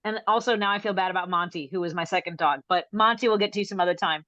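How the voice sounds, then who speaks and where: A woman's voice: lowish voice, fast talker, bright, forceful tone, no echo, dull audio. A woman comedian telling a rambling story over a video call, breaking off mid-sentence and laughing at her own jokes. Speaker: stand-up comedian.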